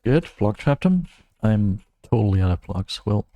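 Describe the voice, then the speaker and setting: A young man talks through a game as he plays it, with wry, self-mocking remarks. His voice sits fairly low. The sound is dry and close to the mic. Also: lively intonation, normal speed, warm tone, no echo. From Germany. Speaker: streamer. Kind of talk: casual gameplay commentary.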